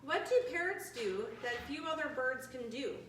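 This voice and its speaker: A woman in her forties leading a bird trivia quiz for seniors, chatty and friendly, reading questions out slowly. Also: sits high, very animated, a bit bright, slight background noise. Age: 40s. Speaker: activity leader. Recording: echoey room, from a distant mic.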